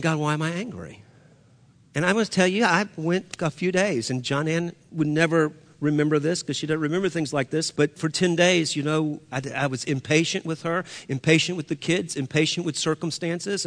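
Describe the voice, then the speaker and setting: A man's voice: fairly high pitch, a bit bright. A man preaching a sermon as pastor, earnest, often repeating himself and restarting phrases. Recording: long hall reverb.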